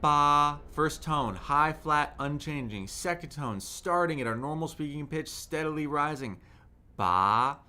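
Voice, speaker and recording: A man's voice: a little high, moderate pace, few pauses, bright, forceful tone. A young man teaching Mandarin tones in a live-streamed lesson, drilling syllables aloud and checking in with viewers in the chat.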